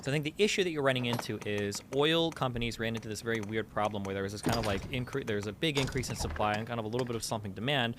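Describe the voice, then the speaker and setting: A man talks fast in a middle-pitched voice, laying out a long explanation with restarts and hedges. The stream audio is noisy, with clicks behind him. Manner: explains at length, hedges, swears. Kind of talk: casual discussion.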